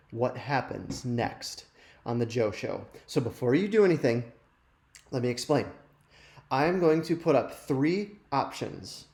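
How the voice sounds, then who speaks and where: A man with a mid-range, slightly mellow voice hosts a live youth ministry show, chatting casually and self-deprecatingly straight to viewers in a live-stream style. The recording has a roomy echo.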